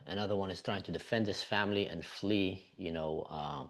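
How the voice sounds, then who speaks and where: A man's voice: deep voice, fairly quick. A man from Israel, a podcast guest, earnestly recounting events with frequent "you know" fillers.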